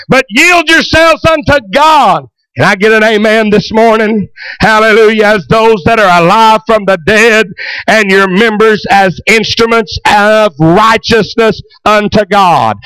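A male pastor preaching a fervent sermon, full of amens and hallelujahs and bursts of shouting. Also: high voice, clear, resonant tone, dry recording, low-quality recording.

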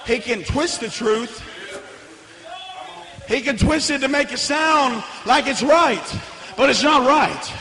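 A young man preaching a fiery revival sermon in a church, hollering and swinging between hushed lines and shouts. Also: very high-pitched. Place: church sanctuary. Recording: echoey church hall with long reverb.

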